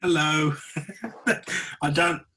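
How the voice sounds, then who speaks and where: A man's voice: fairly high pitch, very slow, pushed and bright, poor audio. A man chatting politely as a panel guest on a video call, laughing easily. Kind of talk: casual chat over video call.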